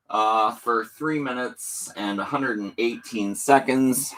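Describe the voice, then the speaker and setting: A man's voice: mid-range voice, takes it slowly, hardly any pauses, a bit bright. A middle-aged man hosting a casual livestream, reading viewer comments aloud and joking like an auctioneer. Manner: reads chat aloud, mock auctioneer banter. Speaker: livestream host.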